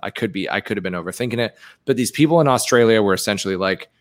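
A man's voice: on the low side, racing. A man from England chatting casually as a guest musician, joking and swearing while he tells stories. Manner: animated, swearing, jokey storytelling. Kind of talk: casual podcast chat.

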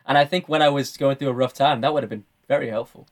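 A man's voice: medium pitch, fairly even intonation, fast talker. A man in casual podcast conversation, reflective, explaining his views at length and often repeating words as he thinks.

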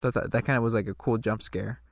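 A man's voice: mid-range voice, quick pace, vocal fry, dry recording, clean studio sound. A man co-hosting a podcast, casually recapping a TV episode and acting out the characters' lines. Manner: relaxed, recaps scenes and acts out lines. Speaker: podcast co-host.

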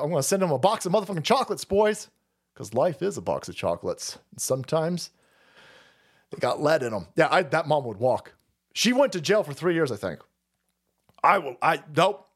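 A man hosting a livestream, ranting and swearing, laughing often and swinging between shouting and muttering. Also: high-pitched. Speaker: livestream host. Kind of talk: profane political rant.

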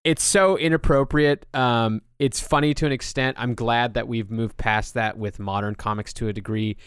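In clean studio audio with no room sound, a podcast host talks in a relaxed, loose way, dropping in lots of filler words. He has a clear, resonant, fairly bright mid-range voice, keeping a moderate pace and fairly even intonation.

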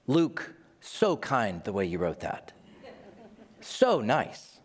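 A man preaching a sermon in a lively, joking way, acting out quoted voices. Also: medium pitch, slow pace. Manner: animated, jokey, acts out voices. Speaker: pastor.

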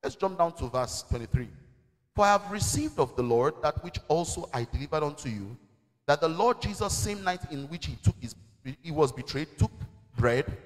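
A man preaching a sermon as senior pastor, exhorting the congregation with call-and-response and reading scripture slowly and deliberately. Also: fairly high pitch. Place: church service. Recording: long church-hall reverb.

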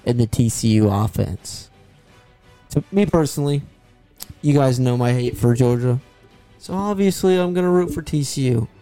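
A man's voice: mid-range voice, dark tone. Sarcastic young man hosting sports chat. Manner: sarcastic, playful banter. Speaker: podcast host.

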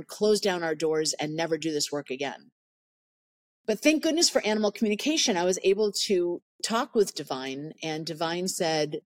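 A middle-aged woman in a podcast interview, telling a personal story earnestly and stressing points by repeating words. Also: medium pitch. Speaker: podcast guest, animal sanctuary founder.

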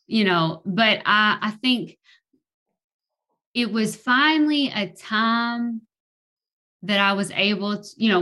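A woman's voice: medium pitch, sharp tone. A woman with a Kentucky accent, a podcast guest telling her personal story hesitantly with lots of fillers. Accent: Kentucky Southern American. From Kentucky, USA. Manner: hesitant, many fillers, laughs easily.

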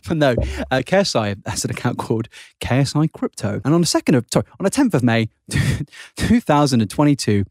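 A man's voice: medium pitch, big pitch swings, fairly quick, hardly any pauses, a little mellow, no echo, studio quality. A man co-hosting a podcast, casual chat, laughing and ranting with plenty of swearing. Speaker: podcast co-host.

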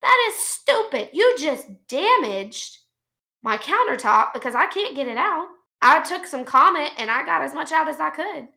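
A woman co-hosting a podcast, telling an angry story about her kids in a casual, animated way with plenty of swearing. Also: high-pitched, normal speed, vocal fry. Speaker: podcast co-host; mother. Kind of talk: casual ranting chat.

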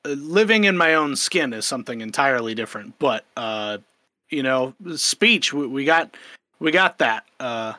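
A man's voice: mid-range voice, bright, forceful tone, no room sound. Candid man with a slight stutter. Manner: candid, self-deprecating, many restarts. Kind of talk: casual podcast chat.

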